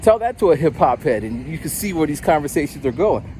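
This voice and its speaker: A man's voice: fairly high pitch, very animated, fairly quick, noisy background. A man in his forties rambling casually to the camera while out on a walk, switching into other people's voices to act them out. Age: 40s. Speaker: vlogger and rapper. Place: outdoors on a walk.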